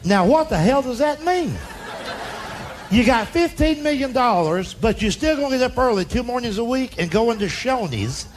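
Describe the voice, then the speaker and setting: A man's voice: extremely high pitch, big pitch swings, normal speed, slight background noise. A man, an older stand-up comedian telling folksy stories on stage and acting out relatives in drawling voices. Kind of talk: storytelling stand-up. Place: comedy stage before a laughing audience.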